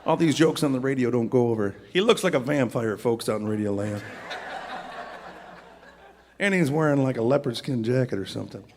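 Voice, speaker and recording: A bandleader with a mid-range, slightly mellow voice talks briskly, pausing often, as he introduces his band members with jokes to a live audience and pumps up the crowd. The concert recording captures crowd and band, with slight background noise.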